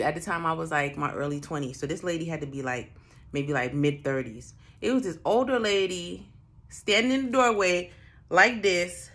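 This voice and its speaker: Young woman telling a crazy story, kinda low voice, cussing a lot, doing everybody's lines. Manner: animated, profane, acts out the people in her story. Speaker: storyteller host. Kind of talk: casual chat.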